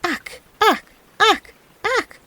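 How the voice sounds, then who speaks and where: A woman voicing a chorus of pond frogs that cry out in shrill, repeated croaks in a storybook reading. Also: drawn-out words, sharp tone, dry recording. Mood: croaking.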